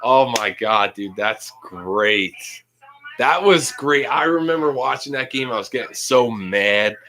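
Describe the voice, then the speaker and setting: A young man hosting a livestream, casually reacting to a live football game, reading chat aloud and yelling at big plays. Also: medium pitch, poor audio. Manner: casual, slangy. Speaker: livestream host.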